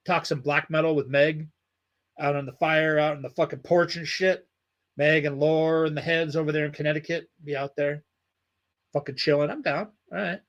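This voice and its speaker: A man's voice: fairly high pitch, steady tone, moderate pace, muffled recording. A man hosting a livestream, chatting casually and reading out viewer comments, with loose, heavily profane talk. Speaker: livestream host.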